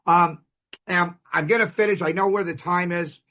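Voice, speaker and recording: Man, high-pitched voice, emphatic storyteller, recovery meeting share, dull lo-fi sound. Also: fairly even intonation, normal speed, sharp tone. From California. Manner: storytelling, emphatic, punchy lists. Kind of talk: recovery share to a live audience. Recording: dull lo-fi recording.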